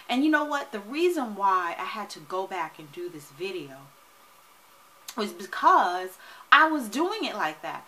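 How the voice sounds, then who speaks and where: A woman who works as a money and wealth coach talks casually to her viewers, energetic and emphatic, often checking in with "right?". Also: medium pitch, normal speed, a little hiss or hum, low-quality recording. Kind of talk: casual vlog talk to camera.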